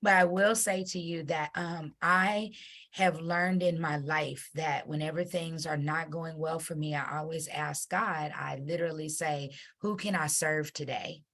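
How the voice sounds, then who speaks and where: A woman host with a low voice and plenty of gravelly fry. She speaks in an effusive, emotional way, close to tears, as she thanks her guest and wraps up. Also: steady tone, a little slow, fairly bright tone. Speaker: host and company CEO. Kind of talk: heartfelt interview wrap-up.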